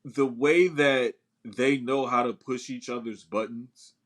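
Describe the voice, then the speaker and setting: Male co-host, average pitch, loose and excited fan talk. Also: slow. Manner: enthusiastic, swears casually, laughs along. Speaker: podcast co-host. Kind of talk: casual wrestling chat.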